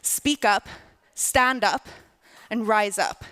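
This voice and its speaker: A woman's voice: mid-range voice, slow, sharp tone. A woman hosting a summit stage, introducing the next speaker in a giggly, emphatic way. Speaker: event host.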